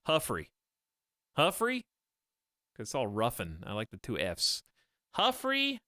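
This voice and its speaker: Lively chatty male game streamer. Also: lowish voice, a little fast, no room sound, clean studio sound. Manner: chatty, thinks aloud, laughs at his own jokes. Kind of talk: casual gameplay commentary.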